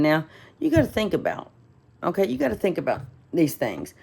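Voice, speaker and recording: Low, gravelly-voiced chatty woman. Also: wildly swooping pitch, moderate pace, dark tone. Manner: chatty and indignant, many fillers and restarts. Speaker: vlogger. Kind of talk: casual rambling storytelling.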